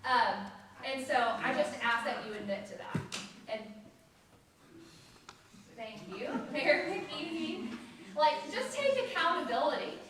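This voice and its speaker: A woman's voice: high-pitched, expressive, takes it slowly, long pauses, heavy background noise. A woman giving an emphatic, accusatory public comment at a council meeting. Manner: emphatic, accusatory, with nervous laughs. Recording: echoey council chamber from far off.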